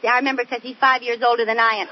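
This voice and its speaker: Forgetful young wife, played by a woman, high bright voice, giggly flustered chatter, hissy vintage broadcast. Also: flat delivery, racing, lightly acted. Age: young adult. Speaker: lead wife character. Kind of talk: 1940s radio comedy acting. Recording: dull, noisy old radio broadcast.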